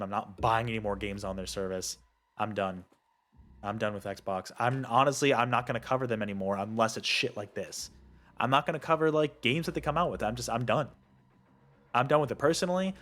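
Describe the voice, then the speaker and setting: A young man ranting to camera as a gaming video creator, heated and profane, his pitch jumping up when he gets worked up. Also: fairly bright tone. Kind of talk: angry rant to camera.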